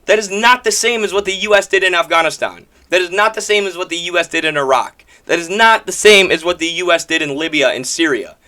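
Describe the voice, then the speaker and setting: A man's voice: sits high, fast, hardly any pauses, sharp tone. A man from the American Midwest giving emphatic, combative political commentary, hammering his points through repetition.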